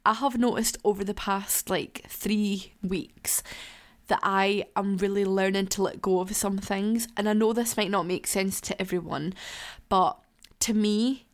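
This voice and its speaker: A woman's voice: medium pitch, steady tone, a little slow. A woman hosting her own podcast from her living room, talking in a candid, chatty way and laughing and swearing freely. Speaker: podcast host. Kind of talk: casual solo podcast chat. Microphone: laptop beside her.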